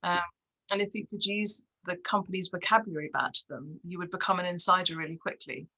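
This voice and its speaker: A woman's voice: fairly low pitch, a little fast, pushed and bright, poor audio. A woman, an interview guest, chatting and telling anecdotes with frequent laughter. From Scotland. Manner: chatty storyteller, laughs often. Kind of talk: casual conversation.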